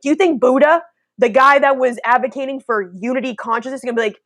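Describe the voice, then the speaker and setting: A young woman with a fairly high voice rants bluntly through a casual spiritual chat, swearing freely and slipping into mocking impressions. Her voice is close and dry, with no room sound. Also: quick pace, fairly bright tone, no room sound. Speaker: host.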